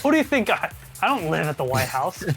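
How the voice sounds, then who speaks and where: A man's voice: a little high, very animated, brisk, loud music behind the voice. A man hosting a live stream, chatting casually with co-hosts and joking at his own expense. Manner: joking, self-deprecating.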